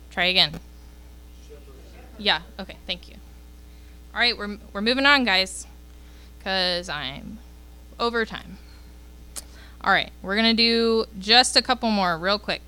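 A woman's voice: mid-range voice, a little slow, pauses often, sharp tone, clear, resonant tone. A woman leading a youth group, giving a casual Bible lesson and often checking in with the group by asking "okay?".

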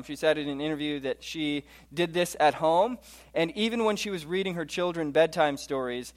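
A man in his thirties giving a conversational presentation to a live audience, often asking them questions and saying "okay". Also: fairly high pitch. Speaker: speaker addressing a live audience.

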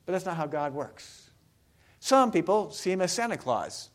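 A man's voice: fairly high pitch, sing-song, moderate pace. A man preaching a sermon, talking casually with the congregation and asking them questions. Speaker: pastor.

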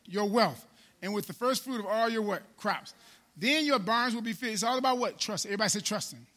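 Male preacher, high-pitched, sharp, call-and-response sermon, repetitive, swings in volume. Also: a little fast. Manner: call-and-response preaching, repeats phrases, rises and drops in volume.

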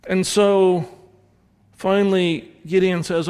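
A Southern American pastor with a high-sitting voice preaches at a slow pace. His sermon is a rambling string of stories punctuated by self-corrections and restarts, heard through long hall reverb.

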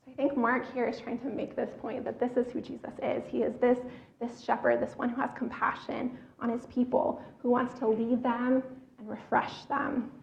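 Woman preacher, high and gravelly voice, earnest teaching sermon; echoey, slightly dull recording. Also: little pitch movement, normal speed, a little mellow. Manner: earnest teaching, repeats words as she thinks.

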